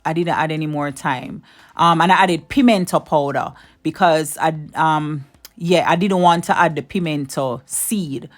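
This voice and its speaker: A woman's voice: deep voice, unhurried. Lady talking thru a cooking video, chatty, keeps repeating her tips. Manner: chatty, addresses viewers directly, repeats advice. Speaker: cooking channel host. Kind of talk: casual cooking tutorial.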